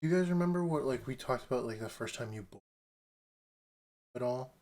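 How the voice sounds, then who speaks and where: A man's voice: mid-range voice, normal speed. Laughing man telling stories. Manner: animated storyteller, acts out quotes, laughs often. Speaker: podcast co-host. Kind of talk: casual chat.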